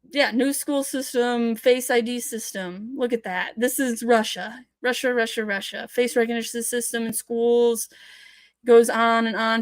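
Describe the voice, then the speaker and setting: A woman's voice: a little high, no room sound, studio quality. A woman hosting a casual news commentary show from home, reading articles aloud and breaking into passionate, sarcastic rants. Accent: Michigan. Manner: passionate, ranting, sarcastic asides.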